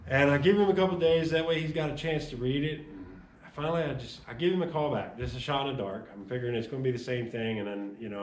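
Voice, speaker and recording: A man shares his life testimony in a lively storytelling way, jumping into the voices of the people he met. His voice sits at an ordinary middle pitch. The sound carries a noticeable room echo. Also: far from the mic, slight background noise. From Chicago. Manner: animated storyteller acting out dialogue. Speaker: testimony speaker. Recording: echoey room.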